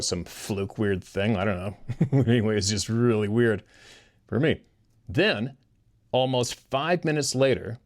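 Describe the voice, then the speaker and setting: A man hosting a show, telling odd personal stories in a rambling way and chuckling as he talks to his listeners. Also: fairly low pitch. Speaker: host reading listener stories. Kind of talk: casual storytelling.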